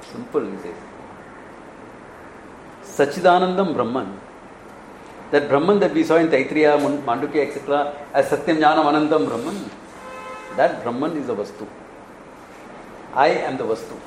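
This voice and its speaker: A man's voice: on the high side, moderate pace, pauses often, a little hiss or hum. Male Indian spiritual teacher, Kerala-born, chuckling storyteller in an echoey hall. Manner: animated storytelling, acts out dialogues, chuckles often. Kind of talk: Vedanta discourse.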